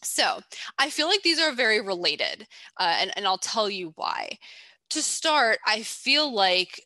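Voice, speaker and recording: Bright-voiced woman in casual analysis chat. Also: mid-range voice, very animated, measured pace, no echo. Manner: chatty, playful, teasing. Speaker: podcast co-host.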